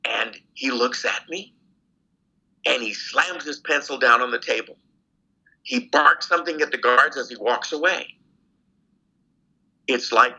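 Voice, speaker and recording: An older man, a guest in an interview, telling a story in a casual, animated way and laughing often. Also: a little high, rough recording. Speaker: guest, former prisoner of war.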